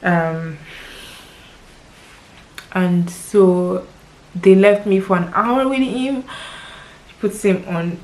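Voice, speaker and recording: A woman's voice: medium pitch, drawn-out words, long pauses, a little mellow, poor audio. Tearful Nigerian woman vlogging. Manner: tearful, heartfelt, repeats words for emphasis. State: crying at times. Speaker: lifestyle vlogger. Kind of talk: personal vlog, emotional storytelling.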